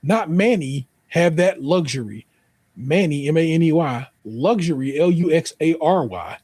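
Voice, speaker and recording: A man's voice: fairly high pitch, lively intonation, measured pace, a little mellow, breathy edge, no echo. A man with an American accent reading an online post aloud, then joking through profane commentary and spelling out the typos. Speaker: podcast host.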